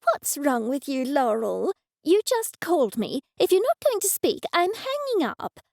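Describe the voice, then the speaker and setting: A woman voicing a forgetful, cranky older mother who talks in a shrill, exasperated way. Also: sing-song, a little slow, vocal fry, a little mellow, heavily acted.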